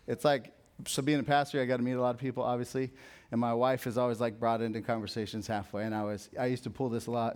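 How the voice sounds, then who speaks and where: A man's voice: mid-range voice, little pitch movement, fast talker. Conversational young male pastor preaching. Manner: conversational, jokey storytelling with sudden soft drops. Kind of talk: sermon.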